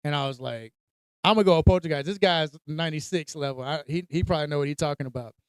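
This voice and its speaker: Podcast co-host, male, high clear voice, animated storyteller, cusses a lot. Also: fast talker, dry recording. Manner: animated storytelling, heavy cursing, acts out reactions. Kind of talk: casual chat.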